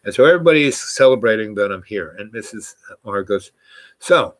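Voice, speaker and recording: A man's voice: on the low side, expressive, quick pace, low-quality recording. Rambling man telling a story. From New York. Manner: meandering, full of asides and restarts. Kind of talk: casual personal storytelling.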